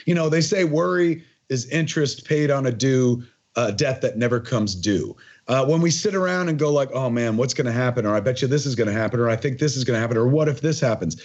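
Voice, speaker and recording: A man in his forties speaks as a podcast guest, husky and a bit breathy. His pitch swings widely as he rambles emphatically and swears freely. The audio is muffled and lo-fi. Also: expressive, moderate pace, a little mellow. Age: 40s. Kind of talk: casual conversational interview.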